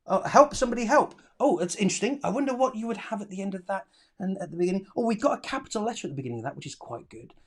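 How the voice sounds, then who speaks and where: A teacher runs a live online lesson for children. The voice keeps up a steady stream of encouragement, reading pupils' answers aloud and piling on praise. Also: mid-range voice, racing, slightly rough. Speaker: primary school teacher.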